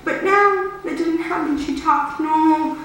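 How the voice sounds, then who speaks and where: A woman giving an earnest personal testimony at a school presentation, halting and correcting herself as she goes. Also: high-pitched, a bit bright, slight background noise. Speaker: guest speaker at a school awareness day. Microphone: camera far from the speaker. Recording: very echoey room, voice heard from far off.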